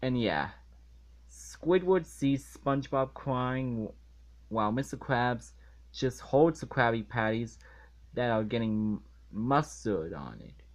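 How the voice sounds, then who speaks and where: A man reviews an episode as a rant, and his exasperation keeps breaking through. He talks slowly and haltingly and often stops to restart a phrase. His pitch sits in an ordinary middle range. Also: animated. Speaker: online reviewer.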